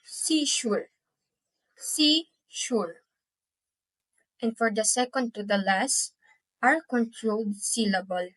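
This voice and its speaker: Brief: young woman student presenter, slightly high voice, very slow and deliberate, repeats each example word twice, dry close sound. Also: fairly bright tone, dry recording, poor audio. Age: young adult. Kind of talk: class presentation on pronunciation.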